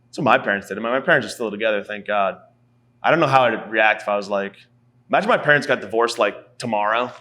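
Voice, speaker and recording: A man's voice: lowish voice, quick pace, bright, forceful tone. A man in his thirties delivering a rambling, profane, self-mocking comedy monologue as a podcast host. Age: 30s.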